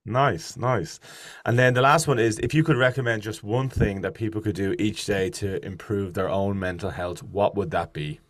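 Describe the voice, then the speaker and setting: A friendly man hosts a podcast, chatting and asking questions with an easy laugh. His voice is low, and the recording is dry and close, with no room sound. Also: moderate pace, dry recording. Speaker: podcast host. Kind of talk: casual interview hosting.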